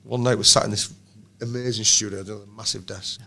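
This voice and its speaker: A man, a band's songwriter, telling lively anecdotes in casual chat, swearing and laughing often. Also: fairly low pitch, a little fast, gravelly. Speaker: songwriter in a band, guest.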